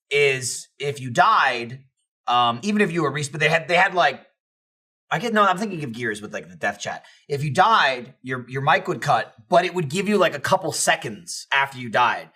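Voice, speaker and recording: A man on a podcast telling animated, profanity-filled gaming stories in casual chat. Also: medium pitch, moderate pace. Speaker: podcast co-host.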